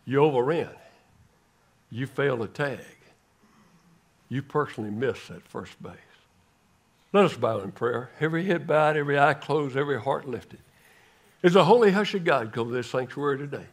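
An older man preaching a sermon, telling a story dramatically and swinging from loud calls to hushed words. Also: medium pitch, expressive, moderate pace, long pauses. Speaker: guest preacher.

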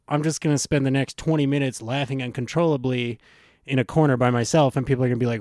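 A man hosting a podcast in casual chat, rambling and interrupting himself with lively asides. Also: medium pitch, quick pace, dry recording, studio quality. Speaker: podcast host.

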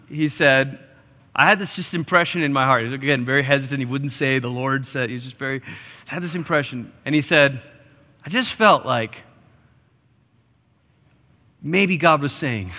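A man preaching a sermon as pastor, animated and acting out quoted voices with big jumps in pitch. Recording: live church hall reverb.

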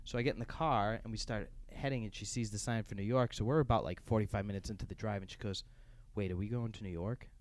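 A man's voice: lowish voice, fast talker, hardly any pauses. A young man, co-hosting a podcast and talking casually with lots of fillers. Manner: relaxed, rambling with many fillers. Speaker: podcast co-host.

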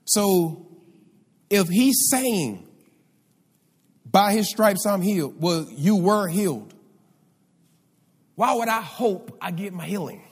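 A man's voice: high-pitched, expressive, slow, long pauses, slightly rough. A male pastor preaching a sermon, calling out for responses from the congregation. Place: church sanctuary. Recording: live hall reverb.

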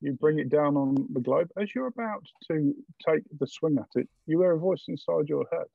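A man narrates a tabletop adventure as game master, his voice gravelly and a little husky. He pauses and hedges as he describes each scene. The sound is dull and lo-fi, yet dry and close. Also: a little high, dry recording. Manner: halting, filler-heavy descriptive narration.

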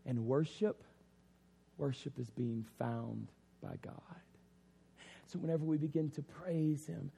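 A man preaches an impassioned sermon, his voice fairly high yet dark and husky. He keeps circling back on his words. A long reverb from a large church hall trails every phrase. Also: fairly even intonation, a little slow, pauses often. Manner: impassioned, repeats "I mean" and "literally". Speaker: pastor.

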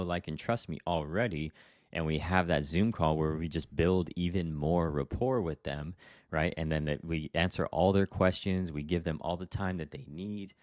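A man's voice: extremely low pitch, no echo, studio quality. A young man hosting a solo podcast, talking casually in a rambling, chatty way with lots of "right?" and restarts. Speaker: podcast host, real estate agent.

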